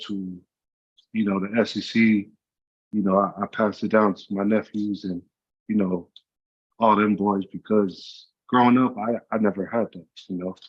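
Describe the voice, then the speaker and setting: A man's voice: fairly low pitch, muffled recording. A man telling his life story as an interview guest, speaking earnestly and from the heart, with many "you know" fillers. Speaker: guest, former college football player and youth trainer. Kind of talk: casual interview.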